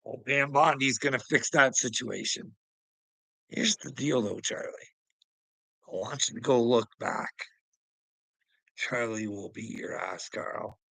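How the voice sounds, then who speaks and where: A man delivering a preachy, taunting rant at a rival, laughing mockingly, swearing, and swinging between loud outbursts and low mutters. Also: takes it slowly, creaky, long pauses, dry recording, rough recording. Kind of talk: ranting monologue to a rival streamer.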